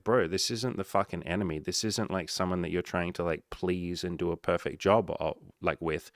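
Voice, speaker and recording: Man, low voice, casual swearing coach talk, dry close sound. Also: no room sound. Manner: blunt, swears often, acts out dialogue. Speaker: dating coach. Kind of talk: casual advice monologue.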